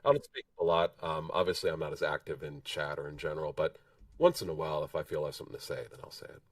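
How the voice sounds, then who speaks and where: A man with a husky voice, hoarse from a cold, chatting modestly as a guest on a livestream and pausing often with fillers. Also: a bass voice, steady tone, dry recording, far from the mic. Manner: modest, halting with frequent fillers. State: hoarse from illness. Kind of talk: casual chat.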